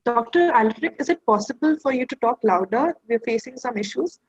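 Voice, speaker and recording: Husky woman on a lo-fi call. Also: a little high, animated, a little fast. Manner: polite, courteous. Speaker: webinar moderator. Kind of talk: live video call talk. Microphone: video call. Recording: dull lo-fi call with faint music.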